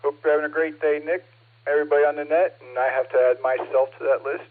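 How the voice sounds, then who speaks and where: Relaxed Ohio man over tinny radio. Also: on the high side, fast. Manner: cheerful, relaxed. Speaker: radio net caller. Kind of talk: amateur radio check-in.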